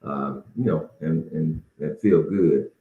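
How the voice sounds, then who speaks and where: A man's voice: very deep voice, slow pace. A middle-aged man hosting a casual solo podcast, folksy and encouraging, slightly out of breath. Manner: folksy and encouraging, with frequent restarts. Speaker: podcast host. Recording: roomy, dull lo-fi sound.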